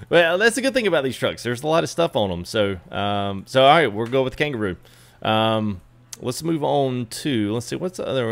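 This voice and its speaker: A streamer's medium-pitched, creaky, slightly bright voice carries a live gameplay chat as he works on customizing a truck in a game. He talks casually and greets viewers by name.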